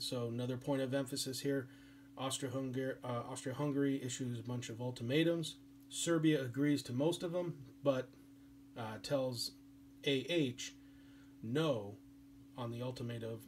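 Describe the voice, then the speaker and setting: A male history teacher delivers a classroom lecture in a relaxed, chatty way, full of fillers and restarts. His voice sits at a middle pitch. A faint hum runs underneath. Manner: casual, chatty, filler-heavy.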